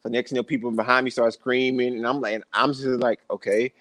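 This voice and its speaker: A young man tells stories as a podcast guest, jumping into the voices of the people he quotes. His pitch sits mid-range, and he is recorded close and dry, with no room sound. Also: fairly quick, no echo. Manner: animated storyteller, acts out quoted voices. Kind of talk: storytelling in casual interview.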